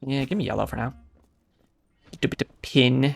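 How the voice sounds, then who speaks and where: An American man with a mid-range, creaky, husky voice talks at a normal speed while playing a video game. As a gameplay commentator, he keeps up casual banter that is brash, profane and sarcastic.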